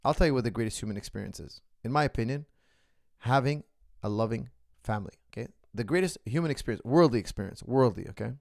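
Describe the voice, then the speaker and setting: A man's voice: medium pitch, animated, quick pace, vocal fry, a little mellow, no room sound, studio quality. A middle-aged man, a martial arts coach, answering viewer questions in an earnest, philosophical casual monologue. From the West.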